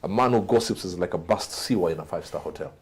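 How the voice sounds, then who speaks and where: A man, a guest telling motivational stories with a dramatic delivery that swings from loud to hushed. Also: low-pitched, fast talker, noisy background. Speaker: guest speaker. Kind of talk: motivational storytelling.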